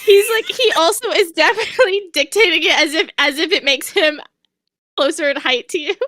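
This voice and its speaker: A young woman player in a tabletop role-play, giggly and excitable. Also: very high-pitched, brisk, no echo, studio quality.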